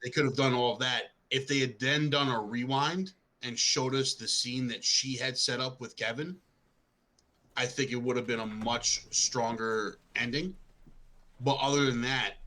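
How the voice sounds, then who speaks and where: A man co-hosting a casual podcast, talking through his opinion in a relaxed, laid-back way. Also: medium pitch, poor audio. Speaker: podcast co-host.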